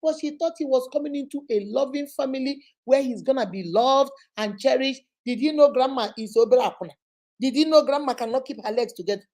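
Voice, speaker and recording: A somewhat high, slightly mellow voice speaks a little fast as a relationship advice host and child therapist hosts a live advice session. She repeats points with emphatic, motherly warmth and refers to the listener as "baby."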